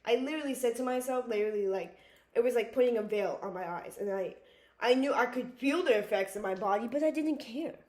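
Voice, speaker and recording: A woman's voice: on the high side, quick pace, darkish tone, echoey room. A young woman vlogger talking earnestly and emotionally about her own struggles, with many restarts and fillers. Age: young adult. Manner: emotional, earnest, repeats herself, frequent "like" and restarts. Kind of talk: personal confessional talk to camera.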